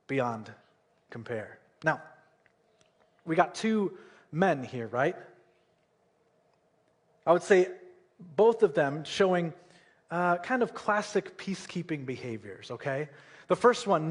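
Husky-voiced man preaching conversationally. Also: fairly high pitch. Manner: casual, asks rhetorical checks like "right?" and "okay?". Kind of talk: conversational sermon storytelling.

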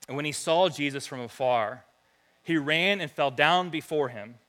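A man's voice: fairly high pitch, normal speed, a bit bright. A man preaching a sermon in a church, reading scripture and building to fervent repeated phrases. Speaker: pastor. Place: church hall.

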